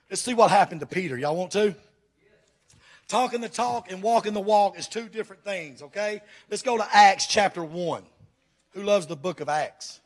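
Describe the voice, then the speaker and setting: A pastor preaching a fervent sermon to his church, firing questions at the congregation. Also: high voice.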